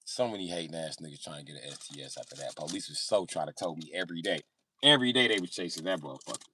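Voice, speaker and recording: Animated, profane male storyteller. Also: very deep voice, very fast, slight background noise. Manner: animated, profane, acts out sounds and voices. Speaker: live streamer. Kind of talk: casual storytelling.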